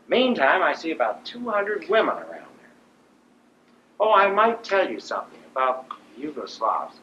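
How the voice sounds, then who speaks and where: An older man from Ohio, a veteran, telling his wartime story in a vivid, animated storytelling manner. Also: a little high, moderate pace, slight background noise. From Ohio, USA. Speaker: veteran speaker. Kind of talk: storytelling talk. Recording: roomy dull lo-fi recording.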